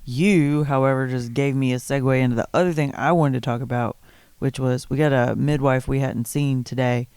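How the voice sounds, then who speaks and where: A woman's voice: rumbling low, steady tone, moderate pace, a little mellow, smooth, dry recording. A heavily pregnant woman co-hosting a podcast from bed at home, candid and outspoken in casual chat. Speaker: podcast co-host. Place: bedroom at home.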